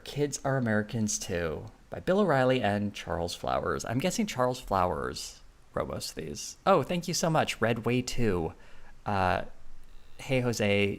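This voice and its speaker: A man's voice: on the low side, vocal fry. A man streaming live, talking casually in a rambling way with lots of fillers and frequent laughs.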